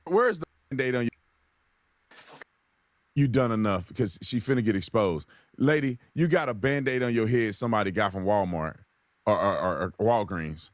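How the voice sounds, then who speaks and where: Animated man in casual commentary, dry sound. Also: fairly low pitch, normal speed, no echo. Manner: animated, rambling, slangy. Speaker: co-host.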